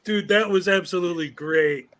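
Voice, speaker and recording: A man's voice: high voice, normal speed, fairly bright tone. A man co-hosting a casual livestream over a call, laughing a lot and cheering his partner on. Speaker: co-host on a stream call. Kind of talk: casual live-stream chat.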